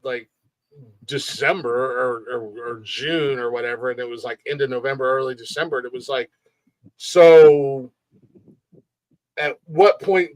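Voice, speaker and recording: A man's voice: medium pitch, moderate pace, no room sound. A man co-hosting a casual comedy podcast, telling stories with lots of swearing and acted-out quotes. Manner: animated storyteller, swears freely, acts out quotes. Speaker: podcast co-host. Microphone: streamed podcast mic.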